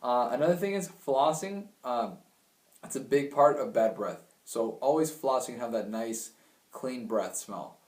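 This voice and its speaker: A man's voice: medium pitch, measured pace, darkish tone. A young man giving blunt, crude dating advice in a chatty way. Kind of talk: casual advice talk. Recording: roomy sound, mic at a distance.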